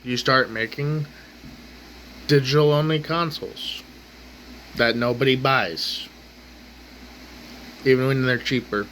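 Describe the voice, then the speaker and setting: This man talks slowly with long pauses, his medium-pitched voice fairly even and fairly bright. An exasperated vlogger at his home kitchen table, he rants angrily to camera, swearing and repeating himself, on a rough recording with a little hiss or hum.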